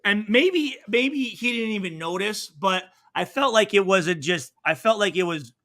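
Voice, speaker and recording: Bright, high-voiced man telling profane stories. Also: lively intonation, unhurried. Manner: profane, rambling, acts out quotes. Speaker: former football safety, guest. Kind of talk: casual interview storytelling.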